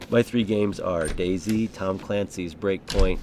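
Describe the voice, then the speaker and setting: Low-voiced laid-back gaming host. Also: male voice, slow, pauses often. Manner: rambling and easygoing, with chuckles. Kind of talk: casual gameplay commentary. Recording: clearly audible game noise behind voice.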